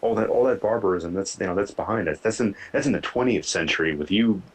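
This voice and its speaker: A man's voice: on the low side, fast, breathy edge, rough recording. A man co-hosting a TV review podcast who rambles, repeating words and filling with "you know" as he thinks aloud. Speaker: podcast co-host. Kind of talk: casual review chat.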